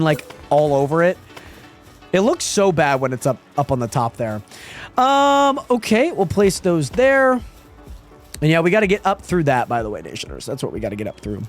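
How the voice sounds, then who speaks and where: A man streaming a game live, chatting casually with viewers and reading their messages aloud, often repeating himself. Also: on the high side. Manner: chatty, reads chat aloud, trails off and repeats words. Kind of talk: casual live-stream chat while gaming.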